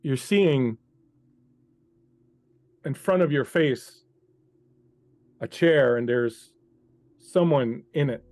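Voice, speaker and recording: Running a tabletop game over an online call, a man calmly narrates to his player, addressing them as "you." His medium-pitched voice is a little mellow, and there's no echo.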